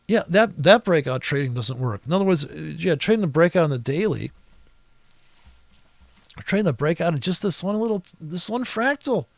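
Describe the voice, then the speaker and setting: Walking through a price chart in a screen recording, this somewhat high, gravelly-voiced man sounds animated yet exasperated, moving at a moderate pace and pausing often. He is sarcastic, curses freely, and keeps restarting and wandering into asides. The audio is dry and close, with no room sound.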